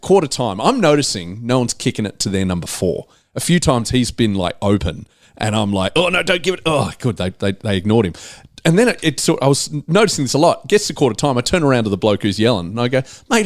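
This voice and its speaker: A man's voice: medium pitch, quick pace. A man with an Australian accent, hosting a casual football podcast and telling stories with lots of acted-out back-and-forth. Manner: animated storyteller, acts out exchanges. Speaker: podcast host. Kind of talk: casual footy chat.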